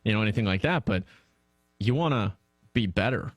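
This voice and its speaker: A man's voice: lowish voice, expressive, brisk, dry recording, clean studio sound. Easygoing male sports radio co-host. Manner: easygoing, chatty, laughs along. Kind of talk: sports talk radio banter. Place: radio studio. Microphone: studio microphone.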